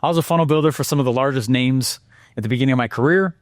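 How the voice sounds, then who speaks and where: A man presenting a marketing lesson with energetic, animated storytelling and exclamations. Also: mid-range voice, rapid-fire, no room sound, clean studio sound.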